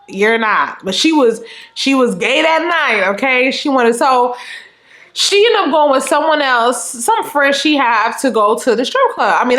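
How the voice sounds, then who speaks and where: Animated young Southern woman telling a story. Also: fairly high pitch, echoey room. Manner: animated, chatty, fills talk with "you know what I'm saying". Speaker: storytime vlogger. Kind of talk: casual storytelling.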